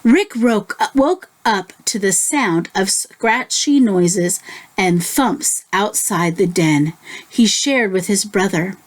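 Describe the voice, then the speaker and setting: A young woman teaching a kindergarten circle time lesson in a gentle, encouraging, sing-song manner, then reading a story aloud. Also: mid-range voice, expressive, slow.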